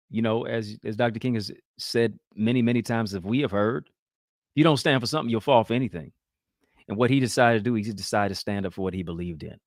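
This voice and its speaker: A man's voice: fairly low pitch, dry recording, clean studio sound. A man hosting a talk show, giving emphatic, preacher-like motivational commentary.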